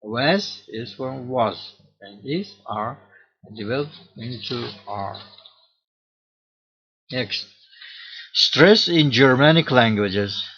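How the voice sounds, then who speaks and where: A man lectures at a slow, deliberate pace, pausing often to search for words. His voice sits at a middle pitch. The recording is dull and lo-fi. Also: expressive, a bit bright, husky. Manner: slow and halting, many uh fillers. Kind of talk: academic lecture.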